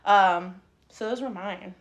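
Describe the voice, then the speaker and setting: A young woman from the Middle East co-hosting a podcast in a casual, chatty way, with lots of fillers and quick laughs. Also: medium pitch. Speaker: podcast co-host. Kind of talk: casual chat. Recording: live stream, recorded together in a car.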